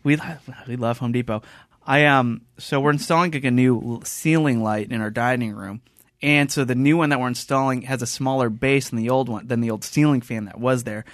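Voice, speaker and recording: A man's voice: medium pitch, fairly quick, no room sound, clean studio sound. A man hosting a casual podcast chat, telling stories animatedly and acting out the voices of the people in them. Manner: animated storyteller, acts out quotes. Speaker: podcast host. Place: podcast studio.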